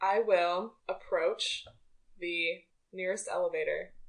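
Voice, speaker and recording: A woman's voice: steady tone, slow pace. A woman playing a tabletop game, describing her moves and often breaking into laughter. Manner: laughs often, acts out her character with shrill fake crying. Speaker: player. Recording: roomy echo.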